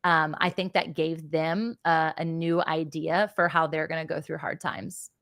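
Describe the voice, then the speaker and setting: Give me an earnest, reflective woman guesting on a podcast, low voice, recorded dry. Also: fairly even intonation, unhurried, a bit bright, dry recording. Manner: earnest, reflective, laughs often. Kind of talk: conversational interview.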